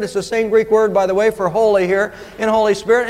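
High-voiced pastor preaching in a hall. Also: male voice, flat delivery, a little mellow. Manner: earnest, emphatic preaching, slows to stress key words. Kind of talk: sermon.

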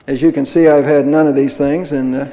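A man's voice: on the high side, flat delivery, a little fast, dark tone. An older man preaching a sermon as pastor, conversational, asking the congregation rhetorical questions. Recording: long reverb of a large hall.

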